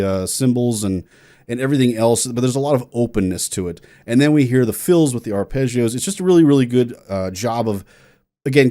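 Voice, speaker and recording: A man's voice: mid-range voice, warm tone. A man, a music teacher, giving an enthusiastic casual reaction and music analysis, explaining theory in plain terms with frequent restarts.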